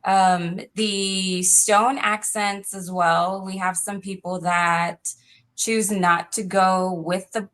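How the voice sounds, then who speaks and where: A woman working as a design consultant, explaining features in an upbeat, informative way with many pauses to think. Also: medium pitch, steady tone, fairly bright tone. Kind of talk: casual live-stream chat.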